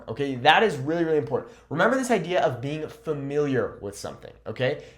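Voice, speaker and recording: A man teaching a Spanish grammar lesson at a whiteboard, upbeat and emphatic, checking in with "okay?" after almost every point. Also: a little high.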